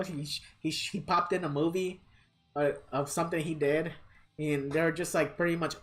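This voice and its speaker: A woman with a fairly low voice livestreams a fighting game at a moderate pace, with faint music in the background. She rants bluntly and swears as she plays, laughing at her own outbursts. It's casual gaming commentary from a streamer.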